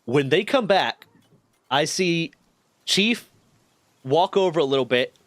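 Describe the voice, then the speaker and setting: A man streaming, telling a long story in a casual, animated and profane way. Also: slow pace, dry recording. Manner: profane, animated, shifts pitch a lot.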